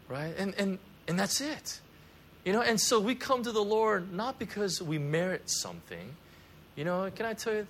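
A man preaching a sermon, pastoral and animated, with frequent stammered restarts as he builds up to pleading prayers. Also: high-pitched, brisk, a little hiss or hum.

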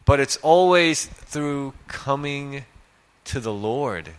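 A man's voice: mid-range voice, lively intonation, slow pace, smooth. A male preacher giving a conversational sermon, reading scripture and asking rhetorical questions.

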